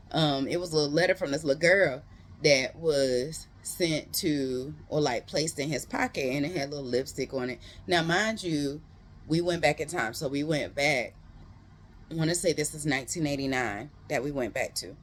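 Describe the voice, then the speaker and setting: A book reviewer giving a casual, animated retelling of a novel's plot, full of slangy asides to viewers. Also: medium pitch, normal speed, a little hiss or hum. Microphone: close.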